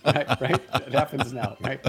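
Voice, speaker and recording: A man's voice: mid-range voice, steady tone, normal speed, a bit bright, husky. A middle-aged man co-hosting a morning show, telling rambling comic stories, laughing often and acting out voices. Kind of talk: casual comedic chat.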